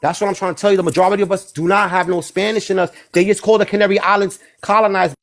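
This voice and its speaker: A man with a high voice, arguing in a heated online debate. He is insistent and defensive, and keeps repeating his point. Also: fairly even intonation, quick pace, fairly bright tone. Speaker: debate participant.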